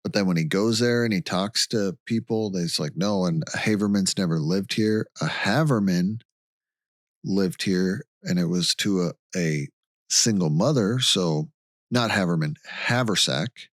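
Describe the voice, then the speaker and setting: A low-pitched man speaks at a measured pace in a dry, studio-quality recording with no echo. He co-hosts a podcast, casually recapping a case from his notes in a relaxed, storytelling way.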